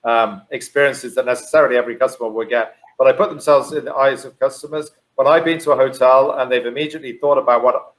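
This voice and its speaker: A man who works with hotel brands, speaking in a measured, slightly hesitant way on a roundtable. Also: medium pitch, fairly even intonation, poor audio. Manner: measured, a little hesitant with fillers. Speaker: hotel alliance executive. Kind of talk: casual roundtable chat. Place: Dubai.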